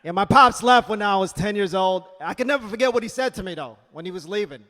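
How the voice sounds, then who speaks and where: A man doing a stand-up comedy set on a club stage, punchy and loud, with asides to the crowd. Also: high-pitched, animated, quick pace. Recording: reverberant comedy club hall.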